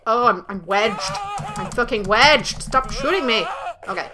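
A young woman giving loud, profane, jokey commentary while playing a video game. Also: a little high, expressive, measured pace, slight background noise. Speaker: gameplay streamer. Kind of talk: let's play commentary.

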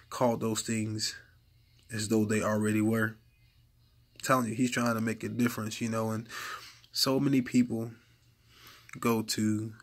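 A man's voice: on the low side, creaky, a bit bright, husky. A man preaching informally to camera in an earnest, exhorting way, repeating his points for emphasis. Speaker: lay preacher.

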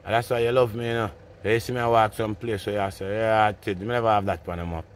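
A man's voice: lowish voice, fairly even intonation, quick pace, slight background noise. A man with a Jamaican accent chatting casually into his phone while walking a street at night, rambling and laughing in patois. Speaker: vlogger. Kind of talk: casual walking vlog monologue. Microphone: phone carried while walking.

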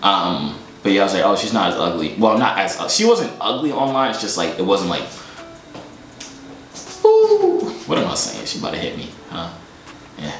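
A man's voice: low-pitched, very animated, brisk, a bit bright, faint music behind. A young man casually answering fan questions in a joking, slangy, rambling way. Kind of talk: casual Q&A chat. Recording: echoey room.

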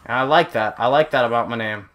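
A young man commenting over his own gameplay, excitable and often yelping and exclaiming. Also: mid-range voice, quick pace. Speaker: gaming channel host.

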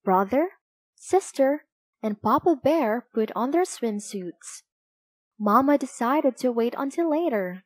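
A woman reading a children's picture book aloud, clear and deliberate. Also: fairly high pitch, animated, no echo. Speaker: storybook reader.

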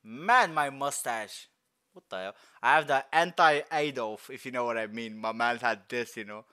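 Mid-range and clean in tone, this young man speaks at a moderate pace. Reacting casually to a movie trailer, he rambles in loose slang, gets excitable, and bursts out shouting and laughing.

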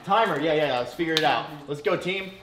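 A young man chatting while cooking, loud and excitable, swearing a lot. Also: fairly high pitch, fast, reverberant, slight background noise. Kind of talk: casual chat while cooking. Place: home kitchen.

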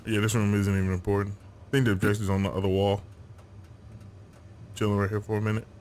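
A man's voice: lowish voice, flat delivery, fast, darkish tone, slight background noise. A man hosting a gaming video, chatting casually with a friend while they play, laughing often and telling teasing stories. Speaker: gaming channel host.

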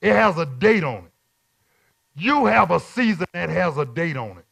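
A man preaching at Bible study as a bishop, repeating his lines in call-and-response and swinging from quiet talk to shouts. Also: on the high side, sing-song, normal speed, gravelly, husky.

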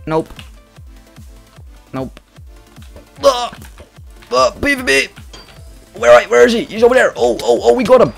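A European man giving excitable live commentary on a game, talking to opponents and to his viewers. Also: extremely high pitch, unhurried, gravelly, pauses often. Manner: excitable, talks to opponents and viewers, yelps at kills. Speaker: gaming YouTuber. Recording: music playing under voice.

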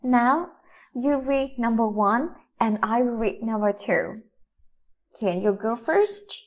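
Slow-speaking Vietnamese woman teacher. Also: a little high, lo-fi sound. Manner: slow, deliberate, instructive. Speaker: English teacher. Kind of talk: recorded online English lesson for children.

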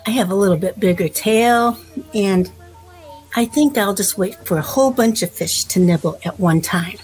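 A woman's voice: mid-range voice, a little mellow, soft background music, natural voice, poor audio. A woman voicing a vain, boastful male bear in a spoken folk tale for children. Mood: eager. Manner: bragging, then slow and puzzled.

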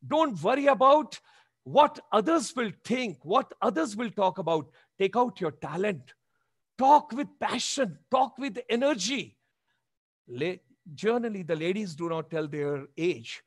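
Older Indian man, high voice, dry sound, emphatic motivational speaker, repeating his urgings. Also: expressive, a little slow, no echo. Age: 70s. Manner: emphatic, repetitive exhortations. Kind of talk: motivational webinar talk.

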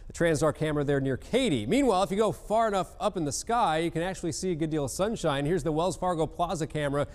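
A man presenting a morning TV weather forecast, chatty and quick to laugh, then chatting about football picks. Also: on the high side. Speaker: TV meteorologist. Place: TV news studio.

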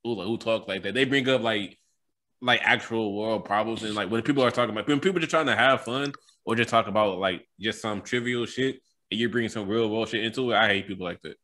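A man's voice: lowish voice, fast talker, sharp tone. A man co-hosting a podcast in casual chat, ranting and bursting into laughter. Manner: bursts into laughter, rants with friends. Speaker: podcast co-host.

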